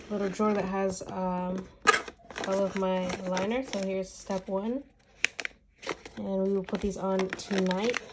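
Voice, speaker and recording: A woman's voice: medium pitch, noisy background. Woman with a slight aligner lisp. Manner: chatty, thinking aloud while handling items. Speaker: vlogger. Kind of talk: casual unboxing vlog.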